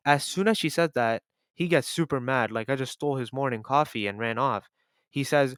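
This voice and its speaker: A man's voice: medium pitch, moderate pace, a bit bright, clear, resonant tone, no echo. A young man telling a story-time vlog over gameplay, casual and exasperated, with some swearing. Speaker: YouTuber.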